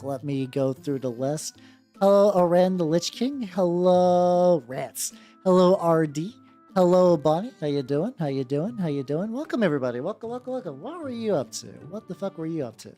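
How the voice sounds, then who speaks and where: A woman's voice: lowish voice, lively intonation, fairly quick, dark tone, soft background music. A woman chatting casually on a miniature painting stream, rambling with many restarts and some swearing. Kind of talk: casual livestream chat.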